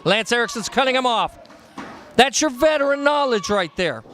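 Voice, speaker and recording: A man with a very high, bright and forceful voice calls a wrestling match move by move. He is excitable and quick to react to each hold and throw. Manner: excitable, calls moves rapidly. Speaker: play-by-play wrestling announcer. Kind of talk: wrestling play-by-play.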